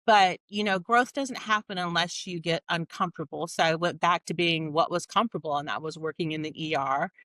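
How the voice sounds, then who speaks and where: A woman's voice: on the low side, fairly quick, few pauses, fairly bright tone, no echo. A woman in her forties, a nurse practitioner guest on a podcast, telling her story candidly and acting out the dialogue. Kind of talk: casual interview storytelling.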